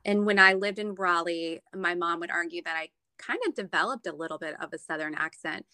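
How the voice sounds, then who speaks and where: A woman's voice: on the low side, a little fast, pushed and bright, no room sound. A woman from Florida chatting casually and telling stories about her family, with many restarts. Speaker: guest. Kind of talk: casual chat. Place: Northern Virginia.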